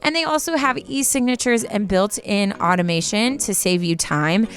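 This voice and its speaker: A woman's voice: medium pitch, normal speed, clean tone. A young adult woman co-hosting a podcast, chatting casually and playfully while reading ads. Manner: playful, giggly, trails into laughs. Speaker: podcast co-host.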